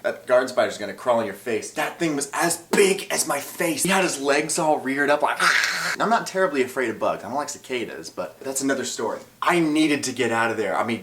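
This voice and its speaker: A young man spins a comic story from his childhood in a casual, lively way, acting out scenes and breaking into shouts. His voice sits at an ordinary pitch. The room around him rings with noticeable echo. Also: a little hiss or hum. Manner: animated, acts out his childhood self and yells in bursts; eats while talking. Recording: echoey room.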